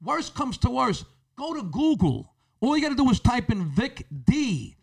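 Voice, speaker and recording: A man's voice: extremely high pitch, sing-song, moderate pace. A man, a guest comedian in casual chat, brash and blunt with free swearing. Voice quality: gravelly.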